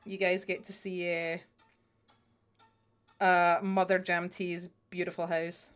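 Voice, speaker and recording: A woman's voice: lowish voice, level tone, slow pace, clear, resonant tone, faint music behind. A young woman chatting casually with her viewers while she paints miniatures, swearing freely and talking straight to them. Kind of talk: casual livestream chat.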